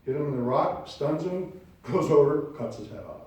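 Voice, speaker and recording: A pastor preaching a sermon in a church sanctuary, heard from a distance in a very echoey room. His voice is mellow and mid-pitched, and he acts out small scenes as he tells stories. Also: normal speed. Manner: animated storytelling preacher, acting out little scenes.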